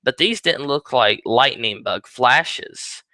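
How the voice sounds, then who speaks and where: A man's voice: medium pitch, animated, slow, bright, forceful tone, dry recording, poor audio. A young man hosting his own paranormal talk show, speaking in a rambling, conversational way with ums and asides. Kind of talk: casual solo talk.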